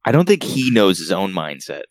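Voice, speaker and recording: A man co-hosting a casual podcast, teasing and joking with deadpan jabs. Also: low-pitched, moderate pace, no room sound. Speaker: podcast co-host. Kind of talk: casual chat.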